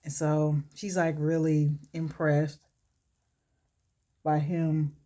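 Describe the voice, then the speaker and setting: A woman vlogger and author reads her own short story aloud in a relaxed way while doing her makeup. She chuckles and pauses to comment on it. Her voice is low-pitched.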